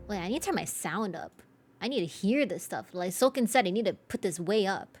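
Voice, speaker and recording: A woman's voice: mid-range voice, very animated, fairly quick, fairly bright tone, faint music behind. Chatty, laughing woman streamer. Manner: chatty, laughs often, swears casually. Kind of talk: casual live-stream chat.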